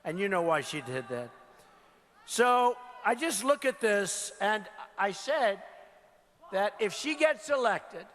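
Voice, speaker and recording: A man delivers a campaign speech to a packed venue, hammering points home by repeating them. His voice sits high and bright, bouncing around a large reverberant hall with the crowd murmuring behind him. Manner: emphatic, repeats phrases, calls out to crowd. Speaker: political candidate. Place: large indoor rally venue. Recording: reverberant arena with crowd noise.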